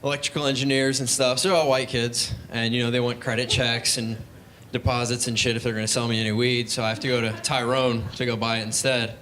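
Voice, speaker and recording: A man's voice: medium pitch, level tone, fast talker, fairly bright tone. Laid-back young male stand-up comic. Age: young adult. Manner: laid-back storytelling with acted-out voices. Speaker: stand-up comedian. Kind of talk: stand-up comedy set. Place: comedy club stage.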